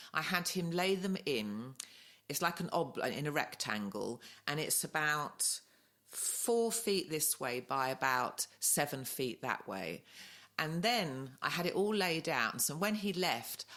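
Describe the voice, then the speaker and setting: A woman's voice: deep voice, a bit bright. A middle-aged woman co-hosting a podcast, telling a story in casual chat and laughing often. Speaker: podcast co-host.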